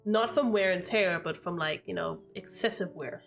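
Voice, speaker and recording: Young woman reading game text out loud, chatty, laughs a lot, swears, bit of music in the back. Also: fairly low pitch, moderate pace, gravelly. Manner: laughs often, casual and swears. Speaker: streamer playing a visual novel.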